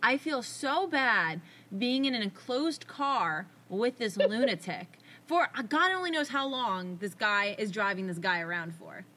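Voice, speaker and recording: A young woman co-hosting a casual podcast, animated and jokey and swearing casually. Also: mid-range voice, measured pace, hardly any pauses. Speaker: podcast co-host. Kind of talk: casual chat.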